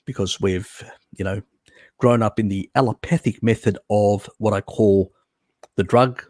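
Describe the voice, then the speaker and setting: A man's voice: fairly low pitch, fairly even intonation, unhurried, a little mellow, dry recording, studio quality. A man hosting a live stream, answering viewer questions in a blunt, rambling way with many fillers and restarts. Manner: blunt, casual, swears. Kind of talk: unscripted live Q&A.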